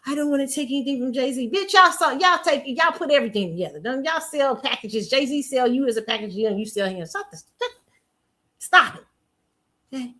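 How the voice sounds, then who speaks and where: A woman hosting a casual pop culture commentary show, laughing often and ranting in a sassy, animated way. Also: high voice, normal speed. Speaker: host.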